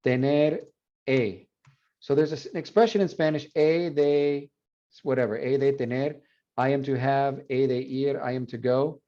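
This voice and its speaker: Mellow-voiced man lecturing, dull recording. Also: medium pitch, normal speed. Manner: animated, switches between English and Spanish, repeats words aloud as demonstration. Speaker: Spanish professor. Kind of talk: university lecture.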